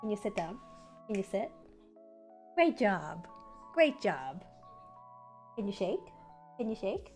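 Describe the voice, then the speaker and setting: A woman's voice: medium pitch, very animated, takes it slowly, long pauses, darkish tone. A young woman hosting a casual livestream as community manager, chatting with viewers and cooing at her dog. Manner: chatty, talks baby-talk to her dog. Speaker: live streaming and community manager. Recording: faint music behind.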